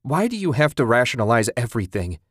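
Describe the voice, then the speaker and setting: A male narrator voicing a frightened, insistent wife with a raised, sharp-edged voice in a spoken story. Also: medium pitch, measured pace, no room sound, clean studio sound, close to an everyday voice.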